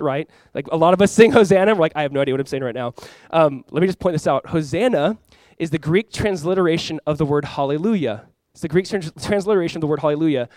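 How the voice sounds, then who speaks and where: A man preaching a sermon in a casual, animated way, slipping into the voices of the people he quotes. His voice sits somewhat high for a man. The sound is dry and close, with no room echo. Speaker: pastor.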